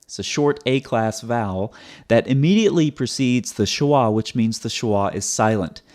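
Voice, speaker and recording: Male video host, mid-pitched, methodical explainer with a dry sarcastic edge and frequent restarts. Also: expressive, normal speed, darkish tone. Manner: sarcastic, methodical, repeats words. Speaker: video commentator.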